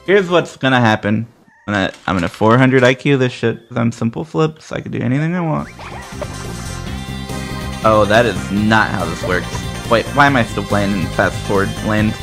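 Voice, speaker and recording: A man's voice: medium pitch, normal speed, over music. A man giving live commentary while playing a game and answering his chat with sarcastic remarks. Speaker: game streamer.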